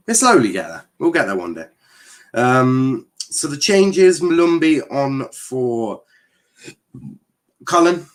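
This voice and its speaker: A man's voice: mid-range voice, big pitch swings, slow, long pauses. An English man hosting a live stream in casual chat, laughing often, repeating words and reading out viewer comments with sarcastic asides.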